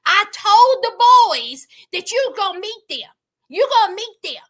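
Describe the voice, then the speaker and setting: A spoiled, entitled woman snaps back with indignant, snippy retorts. A woman acts her out in a lively recap of a reality show. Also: very high-pitched, measured pace, exaggerated voice.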